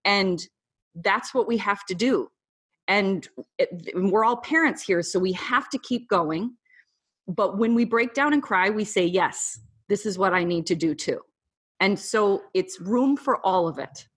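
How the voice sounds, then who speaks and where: Husky woman in candid, emotional talk. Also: mid-range voice, measured pace, fairly bright tone. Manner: candid and emotional, many "like" fillers. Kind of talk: casual conversational talk to a group.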